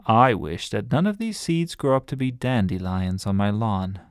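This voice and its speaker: A man's voice: lowish voice, lively intonation, normal speed, clean tone, no room sound. A man reading a storybook aloud and voicing an older gardener who talks in a dry, matter-of-fact way. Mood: grumbling.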